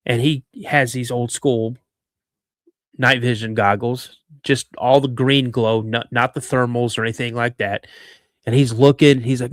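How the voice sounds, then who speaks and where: A man hosting a podcast, telling a story in an animated way with frequent restarts and asides. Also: medium pitch, normal speed, no room sound, studio quality. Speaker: podcast host.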